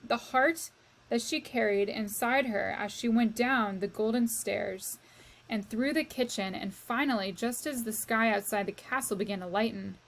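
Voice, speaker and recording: A woman with a mid-range voice reads a children's novel aloud to a class. Her storytelling is slow and expressive, speaking directly to the reader.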